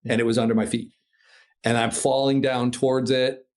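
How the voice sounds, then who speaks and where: A man from Minnesota tells his story as a podcast guest, with a mid-pitched voice. His delivery is lively and casual, full of swearing, with laughs breaking into the scary parts. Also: normal speed. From Minnesota, USA. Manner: animated, swears freely, laughs through tense moments. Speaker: podcast guest, paraglider pilot.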